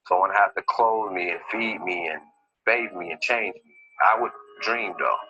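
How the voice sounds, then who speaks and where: Low, bright-toned man telling his story. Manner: emotional storytelling with many fillers. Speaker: interviewee recounting his injury. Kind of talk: documentary testimony. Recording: dull lo-fi video audio with music.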